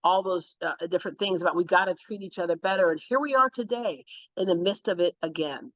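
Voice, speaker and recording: A woman's voice: lowish voice, fast. A woman talk-show host tells stories as an interview guest and acts out the voices in them. Her voice sounds dull and close. There is no room echo around it. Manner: animated, acts out quotes in different voices. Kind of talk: storytelling interview chat.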